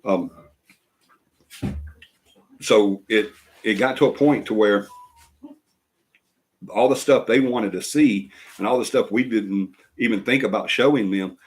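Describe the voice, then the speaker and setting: Rambling older man, lowish voice. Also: unhurried, long pauses. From Alabama. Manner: rambling and chuckling, addresses viewers as y'all. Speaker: paranormal show host. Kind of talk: casual livestream chat.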